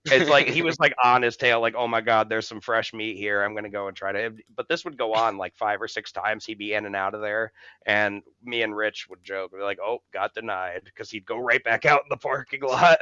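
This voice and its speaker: A man telling a long, rambling story on a podcast, swearing freely and laughing along the way. His voice is bright and smooth, heard through a dry, slightly dull mic. His tone is loose and chatty. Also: lowish voice, moderate pace, no echo. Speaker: podcast co-host. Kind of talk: casual storytelling.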